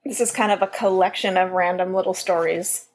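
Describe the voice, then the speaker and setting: A woman's voice: on the low side, fairly even intonation, brisk, slight background noise. A woman co-hosting a podcast in casual chat, giggly and chatty, reading out listener stories. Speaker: podcast co-host.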